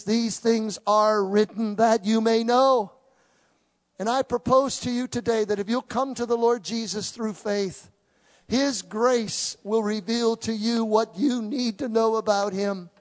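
A pastor preaching a sermon to a congregation at a church service, impassioned, swinging between loud declarations and hushed tones. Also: male voice, high voice.

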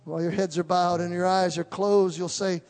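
A pastor preaching a sermon to a congregation at a church service, impassioned, swinging between loud declarations and hushed tones. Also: male voice, high voice, little pitch movement, moderate pace.

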